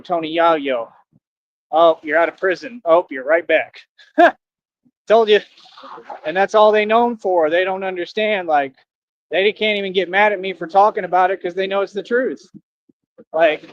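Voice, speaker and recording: A man's voice: fairly high pitch, no room sound. A man giving a rambling livestream monologue, boastful and confrontational, taunting his listeners in street slang and repeating catchphrases. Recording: dull lo-fi stream audio.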